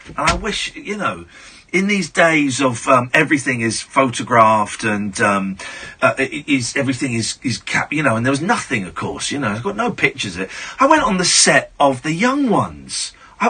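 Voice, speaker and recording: A radio host in his forties tells stories in a casual, gushing chat, stumbling over restarts as he goes. His voice is very bright and swings widely in pitch, with a husky grain to it. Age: 40s. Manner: animated, gushing, full of restarts.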